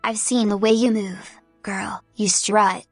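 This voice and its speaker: A woman voicing a cocky, joking female adventurer with a muffled rasp, speaking in a breezy, teasing way. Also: mid-range voice, flat delivery, slow pace, no room sound, soft background music.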